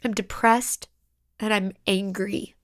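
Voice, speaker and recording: A woman hosting a solo podcast, speaking in a raw, emotional, halting way and sometimes dropping into whispers. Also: mid-range voice, steady tone, no room sound, studio quality. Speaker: podcast host.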